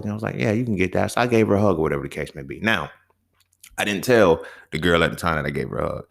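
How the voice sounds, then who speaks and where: Deep gravelly man, slangy and profane. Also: fairly bright tone. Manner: slangy, profane, keeps asking "you feel me?"; swings between low mutters and high exclaims. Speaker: podcast host. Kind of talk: casual storytelling monologue.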